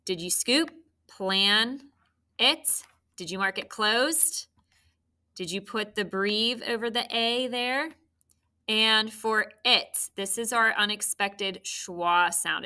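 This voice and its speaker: A woman teacher giving a recorded spelling lesson to children, patient and clear, prompting with questions. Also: medium pitch, bright, forceful tone.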